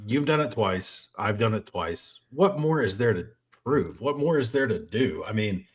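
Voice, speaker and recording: Man, 40s, co-host. Husky voice, lowish pitch. Wry, reflective, mildly teasing. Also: expressive, moderate pace. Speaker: podcast co-host. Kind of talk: casual chat.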